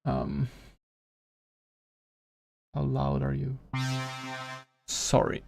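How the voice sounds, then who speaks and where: A man's voice: mid-range voice, monotone, extremely slow, creaky, a little mellow, soft background music. A young man streaming live as a game developer, chatting with viewers, greeting them by name and muttering to himself while he works.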